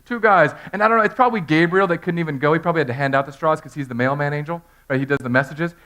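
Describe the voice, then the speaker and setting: A man in his thirties preaching an animated Easter sermon in a church, telling the story with humor and acting out voices. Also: fairly high pitch, very fast. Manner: storytelling, acts out characters in funny voices. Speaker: pastor. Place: church sanctuary.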